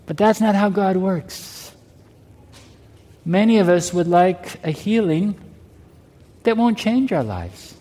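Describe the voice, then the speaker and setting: In a church sanctuary full of long hall reverb, a male pastor preaches unhurriedly, leaving long pauses. His voice sits high and sounds mellow, and he often asks the congregation rhetorically whether they heard him.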